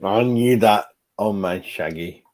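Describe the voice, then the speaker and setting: A man's voice: lowish voice, slow. A man, hosting his own fan channel and reacting live to his chat, swearing a lot. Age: 40s. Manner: sweary, animated, talking to chat.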